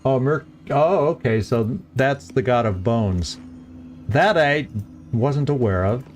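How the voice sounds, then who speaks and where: A man's voice: medium pitch, expressive, takes it slowly, darkish tone, soft background music. A middle-aged man giving chatty, rambling commentary while playing a game, chuckling often. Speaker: let's play host. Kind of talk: casual gameplay commentary.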